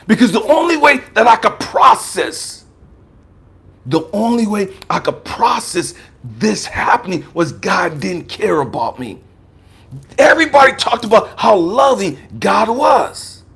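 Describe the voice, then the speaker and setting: Husky, animated American man in his fifties. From United States. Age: 50s. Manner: emphatic and profane, swinging from raised outbursts to low murmurs. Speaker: life coach and speaker. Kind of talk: personal testimony talk.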